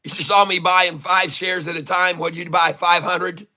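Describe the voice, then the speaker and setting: A man hosting a live day-trading stream, hoarse from long hours of talking, who coaches viewers in a folksy way, repeats his instructions and keeps calling them folks. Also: high-pitched, flat delivery, unhurried, bright, forceful tone. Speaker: day-trading livestream host. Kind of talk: live trading commentary to chat.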